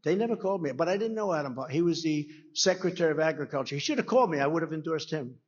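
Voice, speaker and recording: A man's voice: on the high side, lively intonation, rapid-fire, darkish tone, highs cut off. A man giving a rambling, conversational campaign rally speech at a podium microphone, acting out quoted dialogue. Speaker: political speaker at a rally. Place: rally venue.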